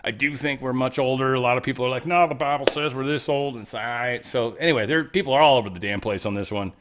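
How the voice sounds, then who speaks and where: A man's voice: medium pitch, fast, noisy background. A male host rambles through the news in a casual, ranting manner, swearing freely as he goes. His voice sits in an ordinary middle range and he keeps drifting off on tangents.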